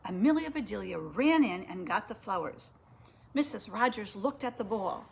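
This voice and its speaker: A woman reading a picture book aloud to children, lively and inviting listeners to join in. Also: mid-range voice, normal speed, creaky, slight background noise. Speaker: storyteller.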